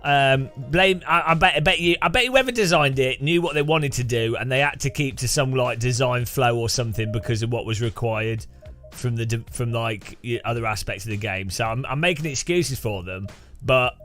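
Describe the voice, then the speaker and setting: Over soft background music, a man with a medium-pitched, fairly bright voice gives casual live commentary at a moderate pace. Streaming a racing game, he rambles to his viewers, makes fun of himself, and chuckles often.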